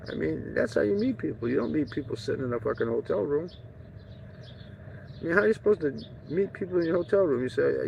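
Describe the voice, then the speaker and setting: A mellow, medium-pitched man with vocal fry speaks briskly in a casual travel vlog. His rambling is profane, jokey, and digressive, and the recording is dull and lo-fi with faint outdoor noise.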